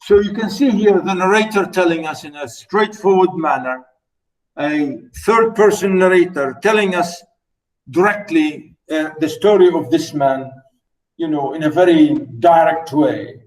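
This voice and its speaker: Slow, hesitant male lecturer. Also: fairly high pitch, rough recording. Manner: hesitant, many fillers and repeated phrases; explanatory, stops to explain words and pronunciation. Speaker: literature lecturer. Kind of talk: recorded literature lecture.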